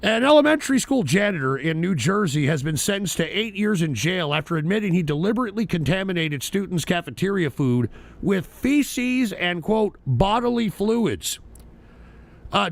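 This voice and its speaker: A man's voice: high voice, dry recording. Brash, profane male talk show host. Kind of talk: live-stream news commentary.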